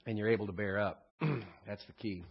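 A man teaching a recorded Bible study lesson in a conversational way. He often checks in with "right?" and keeps clearing his throat. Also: lowish voice, steady tone, brisk, muffled recording. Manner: frequent throat clearing and restarts.

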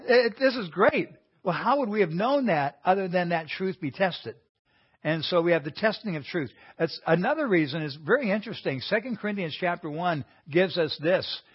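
A man teaching a Bible class in an earnest, conversational way, often restarting his sentences. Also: fairly high pitch. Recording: dull lo-fi recording.

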